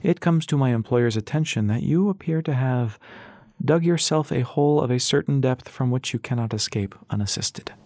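A man voicing an older, white-haired stranger who speaks in a measured, formal and sly way. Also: medium pitch, darkish tone, dry recording, clean studio sound, natural voice.

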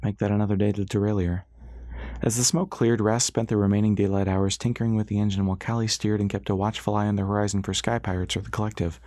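Steady and measured, a man on the low side narrates an audiobook as a storyteller. There's no room sound, just clean studio audio.

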